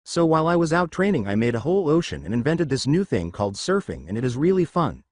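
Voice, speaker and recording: A man's voice: fairly high pitch, big pitch swings, quick pace, a little mellow, no echo. A man voicing a cocky young male ninja hero who talks in a boastful, playful way.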